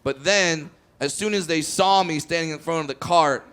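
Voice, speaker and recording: A man doing stand-up, telling a story to a live audience and bursting into loud shouted voices for the people in it. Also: a little high, normal speed. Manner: animated, jumps into loud shouted character voices. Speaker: stand-up comedian.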